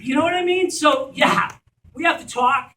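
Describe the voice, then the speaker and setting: A man organizing a school community fundraiser delivers a passionate, blunt appeal, swearing now and then, in a very high, sharp voice at normal speed. The audio is picked up from far off in an echoey room, well away from the microphone.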